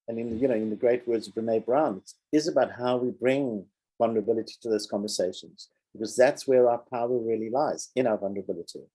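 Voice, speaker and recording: A man co-hosting a podcast, speaking in an earnest, emphatic, measured way about personal growth. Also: medium pitch, dark tone, breathy edge, low-quality recording. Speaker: podcast co-host. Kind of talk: earnest reflective discussion.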